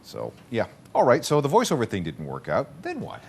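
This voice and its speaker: A man hosting a casual radio interview, asking relaxed, jokey follow-up questions. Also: mid-range voice, fairly quick, breathy edge. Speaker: radio host.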